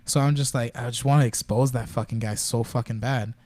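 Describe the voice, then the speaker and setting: Fast-talking young man telling a story. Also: mid-range voice, fairly even intonation, darkish tone, no echo. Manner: profane, rambling storytelling with many fillers. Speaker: podcast guest. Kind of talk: casual chat.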